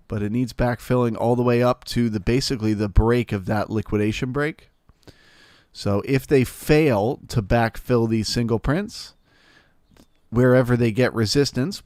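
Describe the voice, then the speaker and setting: A man with a nasal voice talks through market levels on a live trading stream. His pitch sits in a middle range and his delivery is explanatory and matter-of-fact. The recording is dry and close, with little room sound. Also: moderate pace, a little mellow, no room sound.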